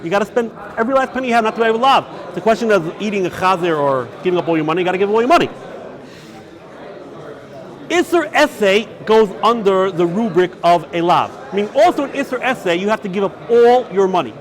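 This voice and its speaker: A rabbi gives a lively yeshiva lecture on Jewish law. His voice sits high for a man and swings widely in pitch. He poses questions and answers them himself, and he works Hebrew and Yiddish terms into his English. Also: fast talker. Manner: animated, asks and answers his own questions.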